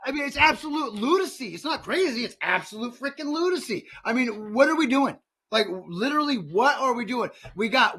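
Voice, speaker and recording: A man's voice: very high voice, bright, forceful tone, slightly rough. A man in his fifties hosting a political podcast, ranting heatedly, often repeating words and restarting sentences. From United States. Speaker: podcast host.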